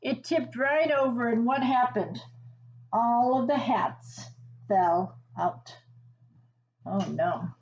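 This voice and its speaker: A woman reading a picture book aloud to children, pausing to ask them questions and explain words. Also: on the high side, highs cut off, a little hiss or hum. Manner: gentle teacherly asides and questions to the listener. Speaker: children's story reader.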